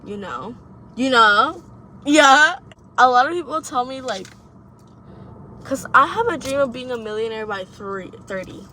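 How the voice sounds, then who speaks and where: A woman's voice: high-pitched, normal speed, bright, forceful tone, slight background noise. A young woman vlogging advice to camera from a parked car, blunt, rambling and profane. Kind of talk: casual monologue to camera.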